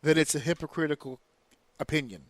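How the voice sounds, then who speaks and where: A man's voice: a little high, fairly quick, no echo. Profane, opinionated man ranting about wrestling. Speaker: podcast co-host. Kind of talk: casual wrestling podcast chat.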